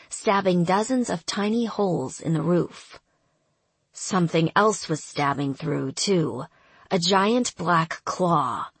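Slow, breathy woman narrating. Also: fairly low pitch, dry recording. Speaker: audiobook narrator. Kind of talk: scripted narration.

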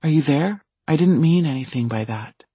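Audiobook husband, tense and controlling, dry hoarse calm voice, read by a man. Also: fairly high pitch, normal speed, dry recording. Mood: teasing.

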